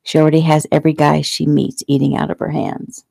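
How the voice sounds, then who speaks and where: A woman reading the part of a gentle, forgetful Irish woman friend in a storybook. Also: sits low, little pitch movement, brisk, creaky, no room sound, heavily acted.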